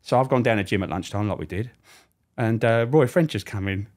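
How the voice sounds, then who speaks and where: A man's voice: on the low side, fairly quick, darkish tone. A middle-aged man, a former prison officer, telling anecdotes as a podcast guest, swearing freely and acting out the people he quotes. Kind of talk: anecdotal storytelling.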